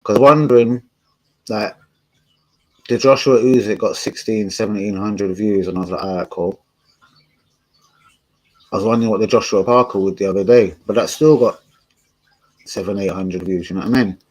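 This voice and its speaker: A relaxed man with a fairly low voice, hosting a live stream. He chats loosely with his viewers, full of slang and frequent swearing. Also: a little fast, rough recording. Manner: laid-back, slangy, swears often. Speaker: streamer and channel host. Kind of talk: casual live-stream chat.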